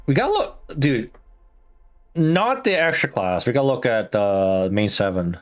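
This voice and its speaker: A man's voice: mid-range voice, very animated, measured pace. A man streaming a game, thinking aloud in casual, slangy chat with plenty of swearing. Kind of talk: casual gameplay commentary.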